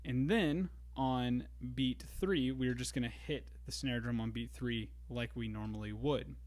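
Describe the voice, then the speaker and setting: A man teaching a drum lesson in a relaxed way, explaining grooves step by step. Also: medium pitch, measured pace. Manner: counts beats aloud, easygoing explaining. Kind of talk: casual instructional talk. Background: drum kit and metronome.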